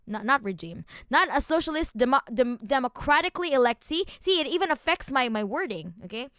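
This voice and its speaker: A woman streamer reading documents aloud and ranting at them, angry and profane, shifting between low muttered reading and loud outbursts. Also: lively intonation, brisk, clear, resonant tone, no echo, studio quality.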